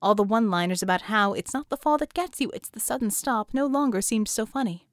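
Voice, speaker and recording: A woman's voice: on the high side, brisk, no echo, clean studio sound. Woman narrating an audiobook. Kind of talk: scripted narration.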